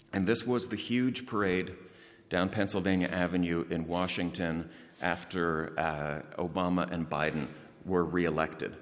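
A man preaching a sermon, telling a story in a lively way and praying in a hushed voice. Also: low-pitched. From outside the United States. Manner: lively anecdotal delivery, hushed in prayer. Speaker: pastor. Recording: long hall reverb.

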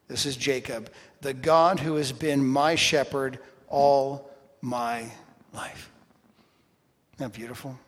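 A man preaching a sermon to a congregation in a church, swinging from loud emphasis to hushed, quiet phrases. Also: medium pitch. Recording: long hall reverb.

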